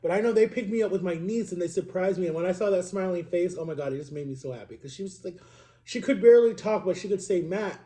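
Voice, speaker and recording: A man's voice: high-pitched, fast, dark tone. A man in his thirties talking casually to the camera in a personal vlog, rambling and confessional with lots of filler words. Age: 30s. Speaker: vlogger.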